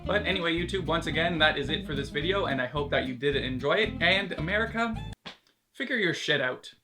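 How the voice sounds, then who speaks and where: A man's voice: on the high side, lively intonation, brisk, over music. A Canadian man with a Canadian accent, talking straight to camera in a jokey, casual vlog and swearing freely. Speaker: vlogger. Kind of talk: comedic vlog monologue.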